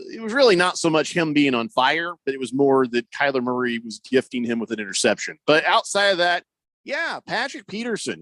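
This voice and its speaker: A man's voice: on the high side, a bit bright, dry recording. A man hosting a sports talk radio show, rambling and joking as he reads listener texts aloud. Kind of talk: casual call-in talk radio. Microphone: studio microphone.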